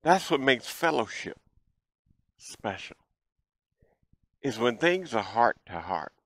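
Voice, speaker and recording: A man in his fifties hosting a show, telling childhood stories in a folksy, animated way. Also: medium pitch, takes it slowly, dry recording, rough recording. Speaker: show host. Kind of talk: storytelling childhood memories.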